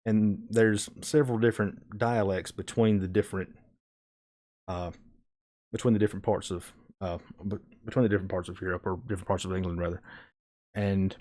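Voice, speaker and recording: Low-voiced man with a Southern American drawl. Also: darkish tone. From Southern United States. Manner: rambling, restarts words often. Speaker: live streamer. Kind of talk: casual chat with viewers.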